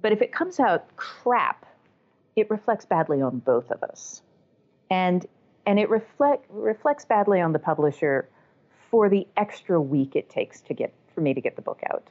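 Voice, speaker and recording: A woman from the American South talks frankly about narrating audiobooks, with a chatty, self-deprecating manner. Her voice sits low and comes through a dull, muffled recording. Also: big pitch swings, moderate pace, darkish tone. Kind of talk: casual interview conversation. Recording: dull lo-fi sound.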